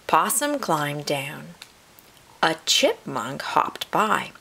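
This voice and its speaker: A woman reads a children's storybook aloud, her low voice moving slowly with a gravelly edge. Her delivery rises and falls expressively, as if reading to young listeners. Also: big pitch swings, pushed and bright, a little hiss or hum.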